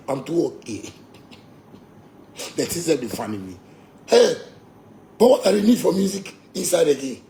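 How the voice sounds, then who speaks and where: Gravelly Ghanaian man, boastful rant. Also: medium pitch, dark tone, a little hiss or hum. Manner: boastful, profane, mixes Pidgin. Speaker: musician. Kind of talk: heated rant.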